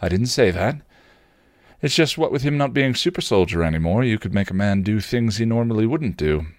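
A man's voice: on the low side, animated, a little fast, no echo, studio quality, natural voice. A man reading aloud and voicing a cocky roguish man who needles with a reasonable tone. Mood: needling. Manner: reasonable tone, taunting.

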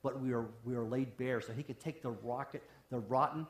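A man preaching a sermon as a pastor, impassioned, swinging from raised intensity down to a near hush. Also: medium pitch, steady tone, a little fast. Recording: roomy echo.

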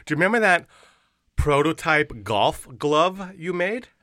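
A male podcast co-host with a bright, forceful voice, full of slang and hype. He banters casually with guests and keeps the energy high. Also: sing-song, a little slow.

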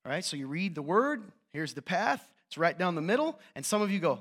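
A man preaching a sermon to a room as a youth pastor, passionate and animated, with joking, self-mocking asides. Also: sits high, brisk. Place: church hall with an audience.

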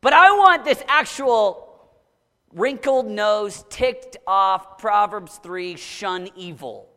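A man preaching a sermon to a young crowd, dramatic, swinging from shouts down to low, intense murmurs. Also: lively intonation, slow pace, big-room sound.

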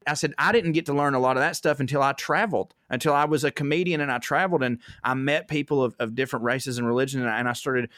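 A young man with a Southern drawl talks loosely in a casual podcast chat. He tells animated stories and swears freely, slipping into voices to act out what people said. His voice sits at a middle pitch, and the recording is close and dry. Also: fast, few pauses, no echo. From American South. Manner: animated storyteller, swears freely, acts out quotes. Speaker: comedian guest.

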